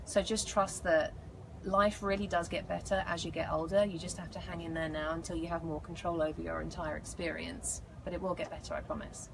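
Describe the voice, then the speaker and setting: A woman with an English accent, an actress answering fan questions in a live interview, animated, playful and self-mocking. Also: on the low side, brisk, gravelly. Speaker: actress guest. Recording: noisy background.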